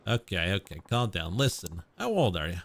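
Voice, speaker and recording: A man's voice: low-pitched, very animated, normal speed, a little hiss or hum, pitched below the performer's own voice. A man voicing a blunt, exasperated tough guy while reading game dialogue aloud, using sarcastic, slangy talk close to his own voice.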